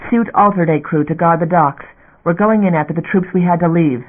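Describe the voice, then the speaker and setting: A man's voice: fairly high pitch, fairly quick, close to an everyday voice. A male narrator voicing a stern woman fleet captain who gives clipped, threatening commands. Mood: rallying. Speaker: warship captain. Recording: narrow phone-like audio.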